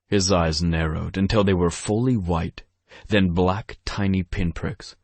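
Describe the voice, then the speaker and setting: A man with a very deep, husky voice reads a romance audiobook in first person. His delivery is gruff and measured, unhurried. The recording is dry and close, from a studio mic. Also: steady tone, no echo. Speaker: audiobook narrator.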